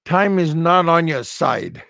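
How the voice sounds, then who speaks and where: Slow, gravelly stammering man. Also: fairly high pitch, big pitch swings, fairly bright tone, no echo. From United States. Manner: stammering, repeats words, chuckles often, crude jokes. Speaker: expat vlogger. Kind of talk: rambling humorous monologue.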